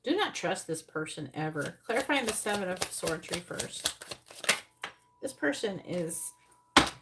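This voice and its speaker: A woman's voice: expressive, heavy background noise. Blunt, profane woman tarot reader. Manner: blunt and profane, with frequent laughter; mutters card draws in a low, quick undertone. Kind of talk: live-streamed tarot reading, casual chat.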